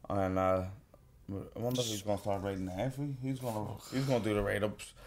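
A man's voice: lowish voice, steady tone, fast, a little mellow. A man with a Northern Irish accent co-hosting a podcast, casual chat, swearing freely and laughing often. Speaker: podcast co-host.

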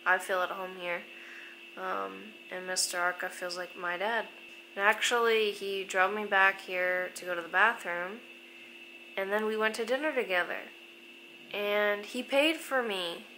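A woman's voice: medium pitch, steady tone, a little slow, sharp tone, a little hiss or hum, poor audio. A young woman telling a travel story in a casual, chatty vlog, filling her talk with "like". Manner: chatty, says "like" constantly. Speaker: travel vlogger.

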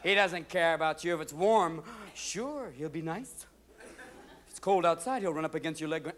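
A man doing animated stand-up comedy on a theater stage, shifting his voice quickly. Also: fairly high pitch. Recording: live stage with audience noise.

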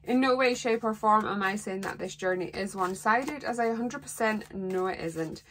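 Earnest woman, bright voice. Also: medium pitch, normal speed, slight background noise. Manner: earnest, rambling, heartfelt. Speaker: psychic tarot reader. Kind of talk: solo tarot reading monologue.

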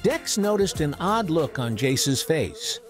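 Slow, expressive storybook narrator man. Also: on the high side, faint music behind. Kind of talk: children's read-aloud narration.

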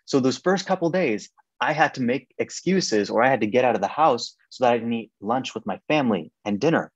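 A young man giving a personal faith testimony as a podcast guest in a casual, animated way, full of "like" and "um". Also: fairly quick, no echo. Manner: animated, acts out quoted voices with sharp rises in pitch; casual, many "like" and "um" fillers. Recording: dry, slightly dull podcast recording.

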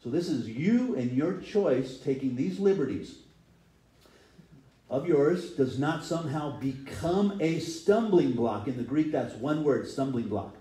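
A man's voice: mid-range voice, expressive, measured pace, mellow, echoey room, rough recording. A man preaching a sermon as pastor in a conversational way, acting out quotes in little voices. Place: church.

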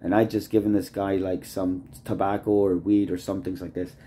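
Rambling, mellow-voiced man vlogging. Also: sits low, flat delivery, moderate pace. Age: adult, married. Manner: rambling, loose, leans on "like" constantly; often trails off quieter mid-thought. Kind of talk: casual rambling vlog monologue.

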